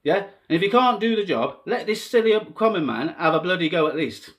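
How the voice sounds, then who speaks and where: A man talking straight to camera in a rambling, emotional monologue, swearing freely and swinging between quiet musing and impassioned appeals. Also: high-pitched, animated, a little fast. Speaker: self-styled candidate vlogger.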